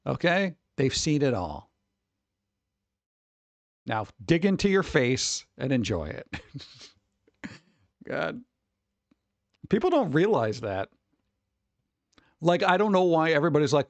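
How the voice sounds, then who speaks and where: A man streaming casual reaction chat, rambling and joking, breaking into quick put-on voices for his bits. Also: fairly high pitch, sing-song, no echo, muffled recording.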